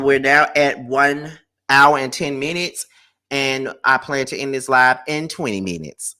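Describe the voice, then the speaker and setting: Male livestream host, tired, unhurried delivery, crisp edge to the tone. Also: medium pitch, bright, forceful tone. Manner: chatty, firm about rules. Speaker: live stream host. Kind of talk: casual live chat.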